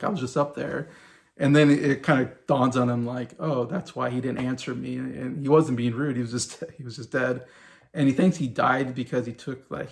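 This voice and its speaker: A man's voice: medium pitch, vocal fry. A man in his thirties hosting a casual sitcom review, rambling with many fillers and restarts. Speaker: show host reviewing a sitcom.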